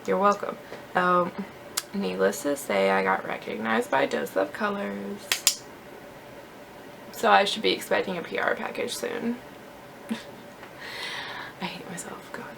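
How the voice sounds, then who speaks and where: A young woman chats through her makeup routine, rambling and poking fun at herself. Her voice has a gravelly edge with vocal fry. There is a faint hiss of noise underneath. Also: medium pitch, expressive, measured pace, pauses often. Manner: chatty, self-deprecating, many fillers like "like". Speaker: beauty vlogger. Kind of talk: casual chat while doing makeup.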